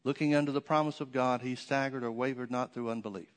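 A man's voice: medium pitch, fairly even intonation, fast talker. Man, preacher, storytelling sermon, repeats phrases, reverberant hall sound.

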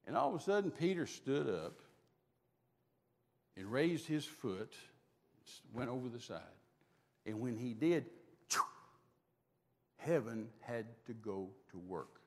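A man preaching a sermon, telling the story in an animated, folksy way. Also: medium pitch, takes it slowly, long pauses, in a large hall.

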